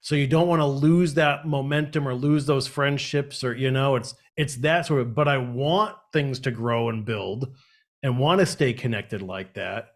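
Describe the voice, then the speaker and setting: A man's voice: medium pitch, normal speed. A man hosting a live stream, chatting casually and rambling with lots of fillers. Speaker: host of a live channel.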